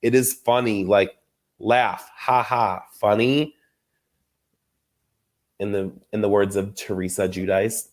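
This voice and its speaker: This young adult man hosts a casual recap podcast, speaking in a fairly low voice at a slow pace with frequent pauses. He's gossipy and chatty, laughing often and acting out quotes.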